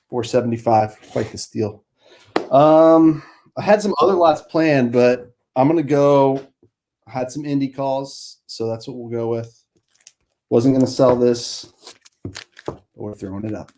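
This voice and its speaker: A man casually pitching items on a live auction stream, laid-back and easygoing. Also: dark tone. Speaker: auction seller.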